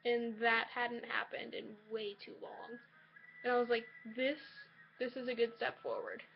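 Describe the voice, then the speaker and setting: A woman's voice: a little high, little pitch movement, a little slow, vocal fry, dull audio, slight background noise. A young woman in college telling a personal story to her camera in a casual, hesitant way, with lots of likes and restarts, in a shared dorm room. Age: young adult. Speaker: college student vlogger.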